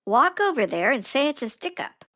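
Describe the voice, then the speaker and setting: A woman's voice: sits high, very animated, moderate pace, fairly bright tone, no echo, studio quality, voice pushed up. A woman voicing a bossy teenage girl, a senior who leads a prank and gives giggling commands.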